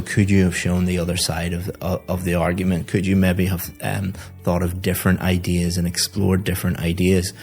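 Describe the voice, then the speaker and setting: Deep-voiced man giving test feedback. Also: breathy edge. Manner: calm, methodical, repeats words when thinking. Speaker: IELTS teacher giving feedback. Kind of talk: speaking test feedback and course promo.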